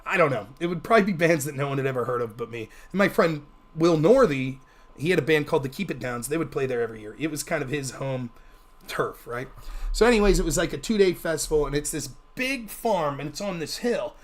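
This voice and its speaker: High-voiced guy telling a rambling swear-heavy story on his stream, loose and chatty. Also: a little fast. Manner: profane, rambling, animated storyteller. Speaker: livestream host. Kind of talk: casual storytelling.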